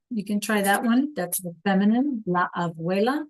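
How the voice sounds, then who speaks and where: A woman teaching a live online language class, slowly sounding out words for students to repeat and encouraging them by name. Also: mid-range voice. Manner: slow careful enunciation of words for students to repeat. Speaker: Spanish teacher.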